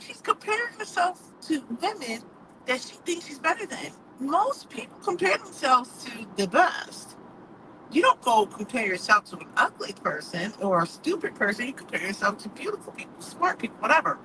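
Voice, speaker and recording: A woman giving her opinions in a casual monologue; outspoken and animated, she laughs often and keeps coming back to rhetorical questions. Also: sits high. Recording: steady background noise with passing traffic.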